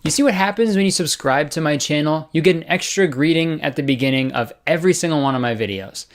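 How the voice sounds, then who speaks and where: A man's voice: a little high, fast, soft background music. A young man giving casual, sarcastic comedy commentary as a YouTuber, swearing, laughing often and saying "dude" a lot. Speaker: comedy YouTuber reading fan fiction aloud.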